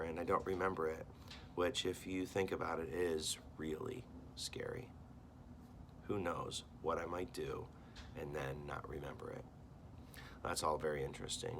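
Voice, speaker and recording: An American man, a teacher, reads a novel aloud to his class and stops to talk about it, acting out the characters' lines with lively swings in his voice. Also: noisy background. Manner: animated reading, voicing characters with big jumps in pitch.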